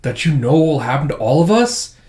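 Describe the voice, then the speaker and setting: A man's voice: on the high side, sing-song, brisk, darkish tone. Man putting on a pushy young woman. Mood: insistent. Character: young woman, curious and insistent. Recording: roomy echo.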